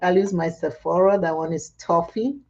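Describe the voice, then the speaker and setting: A woman's voice: fairly low pitch, moderate pace, background noise. A woman chatting casually and laughing often while she does her makeup for a vlog. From Caribbean. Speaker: makeup vlogger. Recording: dull lo-fi sound.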